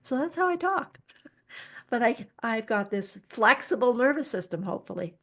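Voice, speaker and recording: A woman presenting an online workshop over a video call, speaking gently and soothingly, sometimes dropping to a soft whisper. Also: a little high, sing-song, moderate pace.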